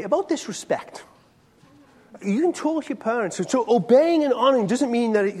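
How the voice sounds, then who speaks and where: Lively high-pitched man preaching. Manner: conversational, questions the audience directly. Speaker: pastor. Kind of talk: sermon to a congregation. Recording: long hall reverb.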